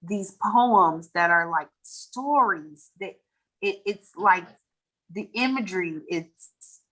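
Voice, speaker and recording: Bright-voiced, gushing woman hosting on a video call. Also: on the low side, lively intonation, slow, low-quality recording. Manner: effusive, gushing, laughs often. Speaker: open mic host. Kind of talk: casual chat on a video call.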